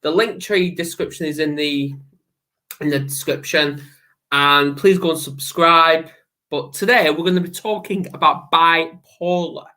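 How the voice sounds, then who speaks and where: A man's voice: fairly high pitch, bright, forceful tone. A man hosting a casual talk show, rambling and correcting himself in good humor. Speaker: podcast host. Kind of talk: casual show intro and chat.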